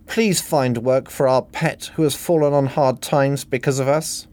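A man's voice: mid-range voice, steady tone, measured pace, darkish tone, no echo, voice pushed up, lightly acted. A man voicing a prim, sentimental woman heroine in a satirical reading. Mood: earnest. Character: earnest, soulful woman heroine.

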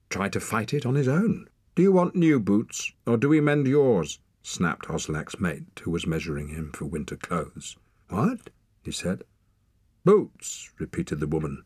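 An older man reading an audiobook in an expressive, lilting storyteller manner, close to the mic. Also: low voice, slightly rough, dry recording. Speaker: audiobook narrator. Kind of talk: audiobook narration. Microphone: close studio mic.

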